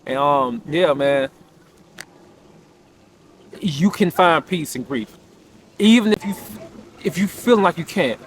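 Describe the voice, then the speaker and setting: A man's voice: a little high, a little hiss or hum. A young man earnestly telling a personal story, reflective, restarting often, sometimes rising sharply as he relives his disbelief. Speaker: podcaster sharing personal story.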